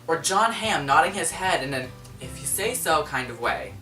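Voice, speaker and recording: Lively, bright-voiced woman hosting a chat. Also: deep voice, moderate pace. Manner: animated and dramatic, with gasps and bursts of outrage. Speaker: host. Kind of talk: casual chat with a guest. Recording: roomy echo, distant mic, faint music.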